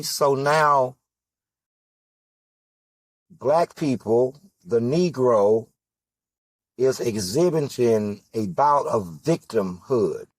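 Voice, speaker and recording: A man's voice: medium pitch, no room sound. A man giving an impassioned political monologue, full of rhetorical questions and emphatic repetition. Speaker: political candidate.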